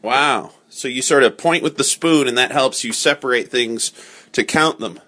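A man's voice: medium pitch, normal speed, bright, forceful tone. A man hosting a casual morning chat with a child, playful and jokey, laughing often. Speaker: host.

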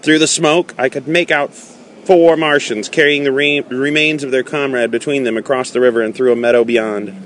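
A man giving a measured, dramatic first-person reading of a story. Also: mid-range voice, fairly even intonation, fairly bright tone, a little hiss or hum. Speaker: narrator.

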